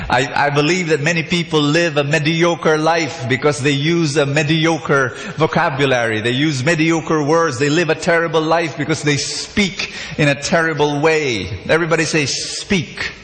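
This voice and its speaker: In a large, echoey church hall with faint ambience, a man with a fairly high voice preaches a sermon, leading call-and-response. He tells the story with animation, acting out its characters, and there's slight background noise.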